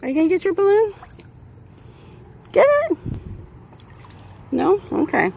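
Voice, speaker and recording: Woman pet owner, high lively voice, coaxing and laughing at her dog poolside on a phone. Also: measured pace, vocal fry, slight background noise. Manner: coaxing, laughing, sing-song. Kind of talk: casual chat with her dog. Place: outdoor pool.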